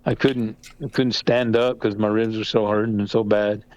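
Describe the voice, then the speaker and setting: A man's voice: on the low side, normal speed, highs cut off. An older man telling a funny, profanity-laced story in casual podcast chat, laughing as he goes. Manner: animated, swearing, laughing through the story.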